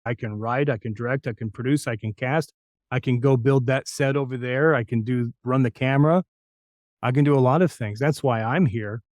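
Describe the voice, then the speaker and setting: A middle-aged man from New Mexico, a voice actor telling lively anecdotes in an interview. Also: medium pitch, moderate pace, no echo, clean studio sound. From New Mexico, USA. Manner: lively anecdotal, acts out quoted lines. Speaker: voice actor guest. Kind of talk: interview storytelling.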